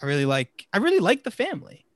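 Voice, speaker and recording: A man's voice: high voice, wildly swooping pitch, quick pace, a crowd in the background. A man hosting a casual podcast about films, rambling and stumbling over his words and laughing often. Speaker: podcast host.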